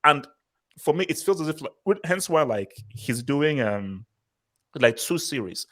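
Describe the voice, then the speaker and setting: A man's voice: on the high side, sing-song, measured pace, a bit bright. A man hosting a casual film review chat, opinionated and talking in long run-on thoughts.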